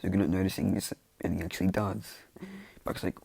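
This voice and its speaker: Casual storyteller, man, low and gravelly, rambling with endless fillers. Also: little pitch movement, fast talker, warm tone, dry recording. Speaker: fan storyteller.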